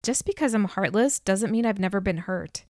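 A woman's voice: medium pitch, expressive, moderate pace, a little mellow, no echo, close to an everyday voice. Brief: female narrator doing a dry, sarcastic secretive king, storybook, close dry recording. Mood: sardonic. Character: guarded, sardonic hidden young king.

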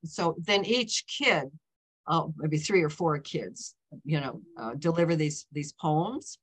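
A woman's voice: on the low side, measured pace. A woman in her seventies, an author telling stories in a casual talk, rambling and breaking in on herself with frequent "okay?" and "you know" check-ins. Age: 70s.

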